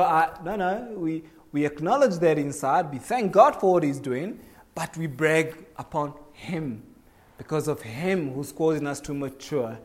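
A man's voice: on the high side, measured pace. A man preaching a sermon to a congregation in a conversational way, asking them questions and acting out bits of everyday talk. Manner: conversational, asks the congregation questions, acts out little voices.

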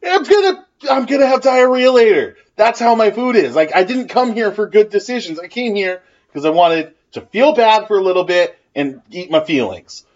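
A man with a mid-range voice that swings widely in pitch trades sarcastic jokes on a casual comedy podcast. He laughs often and grumbles wryly. The recording sounds dull and lo-fi. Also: lively intonation, normal speed, hardly any pauses. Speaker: podcast co-host.

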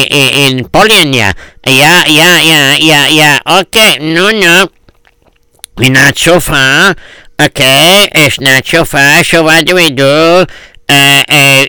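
A man's voice: a little high, sharp tone, clean tone, no echo, voice pushed up, exaggerated voice, rough recording. A man voicing a hesitant, middle-aged Hasidic husband with a Yiddish-inflected accent, stammering. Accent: Yiddish-inflected English.

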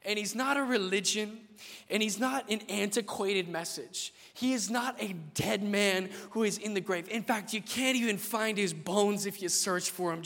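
High, bright preacher in a reverberant hall. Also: male voice, moderate pace, creaky. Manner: impassioned, swings from loud declarations to hushed asides. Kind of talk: sermon.

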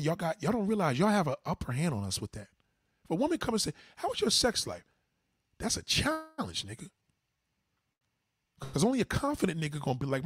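With a husky voice in clean studio quality and no echo, a livestream host gives his viewers blunt, profane advice in a casual, preachy style. He mimics other people by raising his pitch.

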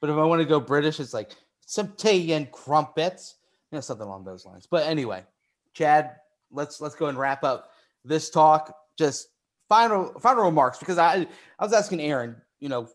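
A man's voice: fairly high pitch, lively intonation, a little fast. A man hosting a casual sports podcast, asking long rambling questions and repeating phrases as he works them out. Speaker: podcast host.

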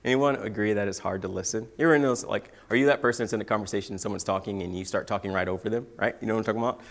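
Animated young preacher, loud then hushed. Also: male voice, lowish voice, very fast, creaky. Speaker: guest preacher. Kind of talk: sermon with personal stories.

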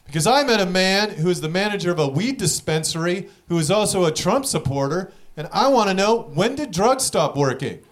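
A young man doing a stand-up comedy set, telling stories in a profane, rapid way with act-outs, audience laughing behind him. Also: sits high, lively intonation, a little hiss or hum.

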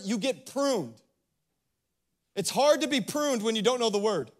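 Man, very high voice, pastor, casual animated sermon, conversational asides. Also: a little slow. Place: church service before a congregation.

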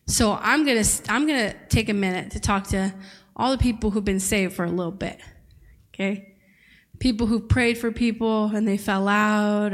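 A woman preaching a sermon to a church congregation in a conversational, playful way, reading scripture and joking with the room. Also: mid-range voice. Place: church service.

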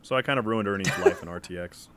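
A man co-hosting a casual podcast, telling stories in an animated, defensive way. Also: deep voice, fast talker, very noisy. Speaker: podcast co-host. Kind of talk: casual chat.

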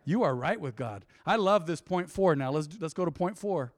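Male pastor, fairly high voice, dry close sound, lively preaching that swells and hushes. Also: normal speed, no room sound. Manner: animated, preaching with sudden loud swells and quiet drops. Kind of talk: sermon. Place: church.

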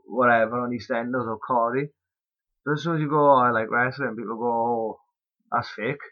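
Young guy chatting on his podcast, mid pitch, kinda rambly, dull lo-fi mic. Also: steady tone, normal speed. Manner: rambling, loose, swears casually. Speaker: podcast host. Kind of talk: casual chat. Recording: muffled lo-fi podcast audio.

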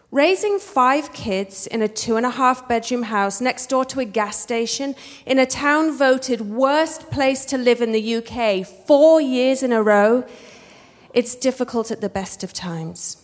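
Woman storyteller, working-class English accent, high voice, wry and self-mocking, live on stage with hall reverb. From England. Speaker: storyteller, actress. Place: theater stage.

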